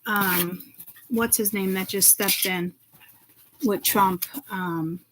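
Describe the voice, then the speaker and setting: A woman's voice: medium pitch, steady tone, slow pace, a bit bright, poor audio. A woman speaking to her viewers in a loose, rambling monologue, agitated and swearing freely. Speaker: self-described seeress.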